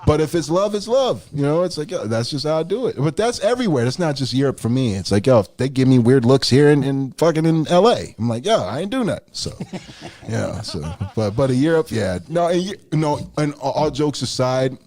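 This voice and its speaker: A young guest rapper chats casually on a call-in radio show, relaxed and cursing freely, his voice squealing high when he acts out his own surprise. He talks briskly with a darkish tone and wide swings in pitch.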